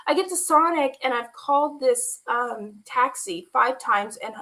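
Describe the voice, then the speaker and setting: Woman with a high bright voice telling her story all worked up, acts out everyone's lines. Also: unhurried. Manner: animated retelling with quoted dialogue, laughing and near tears. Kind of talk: emotional personal storytelling. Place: online stream.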